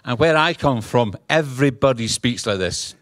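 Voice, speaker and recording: A man's voice: mid-range voice, moderate pace. A middle-aged man with a Scottish accent, preaching a humorous, storytelling sermon and acting out dialogue. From Scotland. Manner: humorous, animated, acts out dialogue. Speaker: guest preacher.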